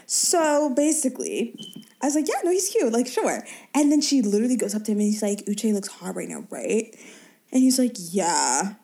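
Lively young woman telling a story. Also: medium pitch, moderate pace, gravelly, a little hiss or hum. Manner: animated, laughing storyteller. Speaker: podcast co-host. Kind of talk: casual chat, storytelling.

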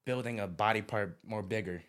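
A young man hosting a casual podcast chat, slangy and a little nervous, with quick laughs. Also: lowish voice, a bit bright. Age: young adult. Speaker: podcast host.

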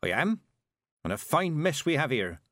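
A man voicing a stern, sharp-tongued old woman witch who speaks in curt, commanding tones. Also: on the high side, sing-song, normal speed, no room sound, studio quality, pitched above the performer's own voice.

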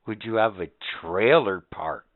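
A man's voice: fairly low pitch, expressive, a little slow. A man co-hosting a podcast, boisterous and profane, laughing often and ranting in casual banter. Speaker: podcast co-host. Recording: tinny lo-fi recording.

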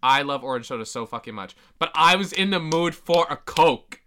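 Lively, bright young woman chatting. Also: deep voice, moderate pace, slight background noise. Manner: blunt and expressive, swears freely. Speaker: podcast co-host. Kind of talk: casual chat.

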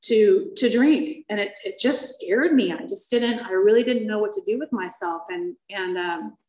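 A woman's voice: medium pitch, moderate pace, a little mellow. Frank, self-mocking woman in an echoey room. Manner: candid, self-mocking storytelling with wry laughs; hesitant fillers and restarts when the story turns painful. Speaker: speaker sharing her recovery story. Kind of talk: personal testimony to a listening audience.

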